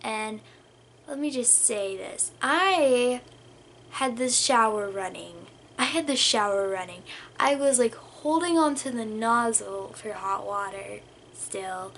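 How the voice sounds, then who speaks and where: A woman's voice: fairly high pitch, slow, gravelly, fairly bright tone, slight background noise. A young woman telling a storytime vlog in a rambling, casual way, full of "like" and dropping into whispers. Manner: rambling, lots of "like" fillers, drops to whispers. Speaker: vlogger.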